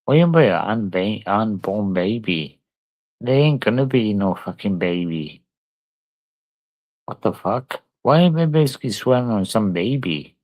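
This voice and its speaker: A man's voice: on the low side, expressive, unhurried, a little mellow, no room sound, poor audio. A drunk man, ranting on a livestream in a profane, rambling and repetitive way. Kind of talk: angry livestream rant.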